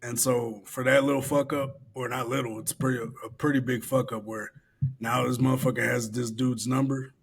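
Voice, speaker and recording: A man's voice: medium pitch, level tone, moderate pace, gravelly, breathy edge. Laid-back profane podcast guy. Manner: loose, profane, laughing while reading aloud. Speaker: podcast co-host. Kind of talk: casual podcast chat.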